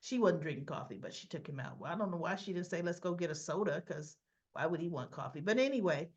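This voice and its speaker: A woman giving a casual, chatty recap of a soap episode, addressing her viewers directly in an animated, gossipy way. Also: lowish voice, fast, lo-fi sound. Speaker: soap opera recap vlogger.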